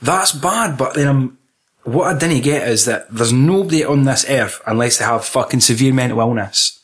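A Scottish man talking films with a friend, loose and animated. He swears freely and breaks into laughter. His voice sits at an ordinary middle pitch. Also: moderate pace. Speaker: podcast co-host. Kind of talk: casual film chat.

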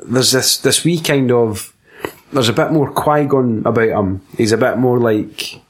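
A man's voice: medium pitch, unhurried. A man with a Scottish accent, chatting casually and swearing while reviewing a film with a friend. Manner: sweary, laughing, does silly quoted voices. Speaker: podcast co-host.

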